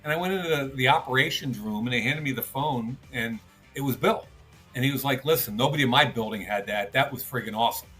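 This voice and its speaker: A draft analyst tells a brisk, energetic anecdote in a mid-range voice. Faint music runs quietly behind him. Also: male voice, medium pitch, poor audio. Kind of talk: storytelling in an interview.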